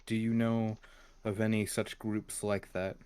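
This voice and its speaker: A man's voice: lowish voice, flat delivery, a little slow, a little mellow, smooth. A man playing in a tabletop game, asking questions politely in character. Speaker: player. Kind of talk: tabletop role-play.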